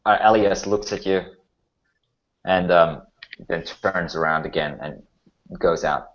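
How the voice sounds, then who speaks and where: Low-voiced game master narrating. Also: male voice, a bit bright. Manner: measured narration with fillers. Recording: muffled lo-fi recording.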